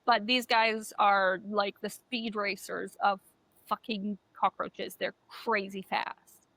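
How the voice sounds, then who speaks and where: A woman co-hosting a podcast, telling animated stories in casual chat and swearing often. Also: mid-range voice, takes it slowly, dry recording. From Canada. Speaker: podcast co-host.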